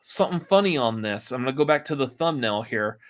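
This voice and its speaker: A man's voice: medium pitch, animated, fairly quick. A man hosting a movie podcast in casual, rambling chat, laughing often. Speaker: podcast host.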